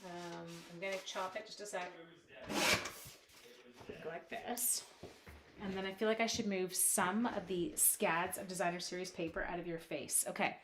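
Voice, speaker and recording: A woman's voice: on the low side, fairly even intonation, normal speed, background noise. A woman chatting casually while demonstrating crafts at her home desk on a live stream, reading out viewers' comments and talking to her supplies.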